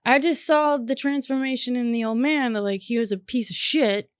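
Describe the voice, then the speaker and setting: A woman hosting a podcast in casual chat, earnest and animated, with plenty of swearing. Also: a little high, moderate pace, clear, resonant tone, dry recording. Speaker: podcast host.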